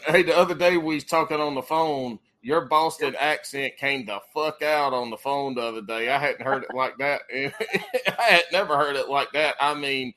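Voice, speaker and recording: A man's voice: mid-range voice, pushed and bright. A man, a podcast host talking in loose, profane, rambling casual chat. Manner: rambling, profane, quick to laugh.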